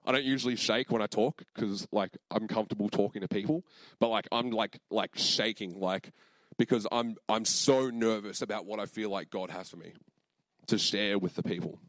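A man's voice: lowish voice, steady tone, normal speed, no echo. A young man preaching a sermon, telling a personal story in a casual, earnest way with many fillers and moments of emotion.

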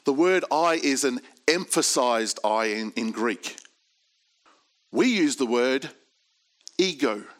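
A male preacher delivering a sermon at an unhurried, measured pace. His voice sits at an ordinary middle pitch as he reads scripture and leans hard on key words. The delivery is deliberate and earnest. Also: expressive.

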